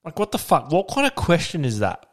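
A man's voice: on the high side, huge pitch swings, brisk. An Australian man co-hosting a podcast over a video call, telling rambling anecdotes with plenty of swearing. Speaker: podcast co-host. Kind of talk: casual chat.

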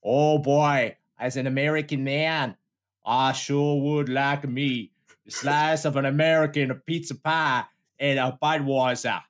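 Give me a man putting on a slow, hammy fake American accent, pitched higher than usual. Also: animated. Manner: slow, drawn-out, over-enunciated.

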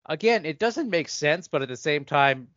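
A man's voice: fairly high pitch, expressive, moderate pace, a bit bright, no echo. A man talks through a film in casual commentary, circling his points and restarting sentences. The recording is dry and close with dull, lo-fi sound. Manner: rambling, hedging, restarting sentences. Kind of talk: casual movie commentary chat.

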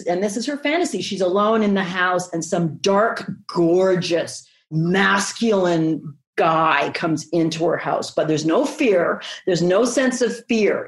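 A woman sex therapist speaking frankly in an interview, expressive and emphatic, with vivid asides. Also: mid-range voice, roomy sound. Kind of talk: candid conversational interview talk.

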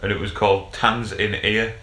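A man's voice: lowish voice, steady tone, moderate pace, sharp tone, reverberant. A man chatting casually as a podcast co-host, jokey and rambling, tripping over his words. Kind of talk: casual banter.

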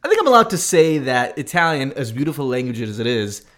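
A man co-hosting a podcast, a native Russian speaker telling a travel story in a relaxed, casual way with many fillers. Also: mid-range voice, fast talker. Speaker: podcast co-host.

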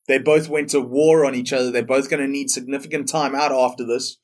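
A young man hosting a solo sports podcast, blunt, profane and opinionated. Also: a little high. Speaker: podcast host.

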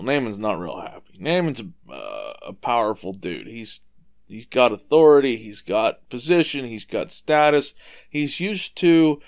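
A man's voice: mid-range voice, smooth. A man hosting a show where he casually retells Bible stories, explaining as he goes. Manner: relaxed, explaining with asides. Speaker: storytelling dad, show host.

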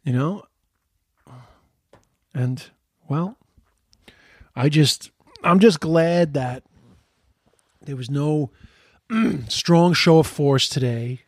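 A man's voice: on the high side, drawn-out words, long pauses, a little mellow, dry recording, studio quality. A man giving heated, profane political commentary in a casual rant, often stumbling and repeating words.

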